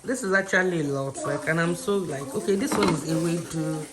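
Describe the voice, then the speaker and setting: A young Nigerian woman in her twenties talks to her vlog audience from home. Her voice sits a little low for a woman. She rambles in a loose, chatty way, with lots of "like" and "so yeah" between thoughts. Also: a little fast, very noisy. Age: 20s. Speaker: vlogger. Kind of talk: casual vlog chat.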